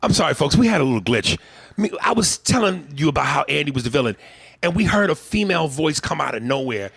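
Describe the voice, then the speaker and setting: A male podcast host with a gravelly, textured voice that swings widely in pitch as he riffs. He talks in a profane, mocking, animated way. The sound is close and dry. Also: fast, no room sound. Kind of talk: casual comedic chat.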